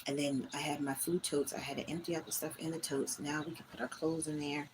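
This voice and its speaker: A woman's voice: low-pitched, level tone, fairly quick, noisy background. A woman hosting her own livestream, speaking, candidly venting and talking straight to her chat from a small room at home. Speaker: livestream host.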